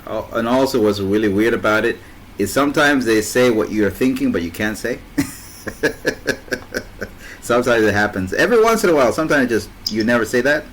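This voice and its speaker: A man's voice: fairly low pitch, a little hiss or hum, poor audio. A man hosting a casual voice chat, rambling anecdotes with frequent laughter. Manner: rambling, laughs often, restarts. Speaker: host.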